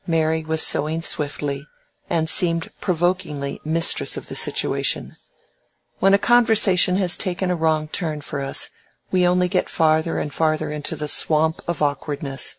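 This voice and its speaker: Audiobook narrator, measured, gravelly, mid pitch. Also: fairly even intonation. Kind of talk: scripted narration of a classic novel.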